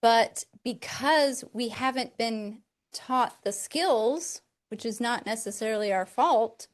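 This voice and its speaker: Slow-speaking woman host on parenting. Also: on the high side. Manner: measured, explaining a point to parents. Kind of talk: parenting talk.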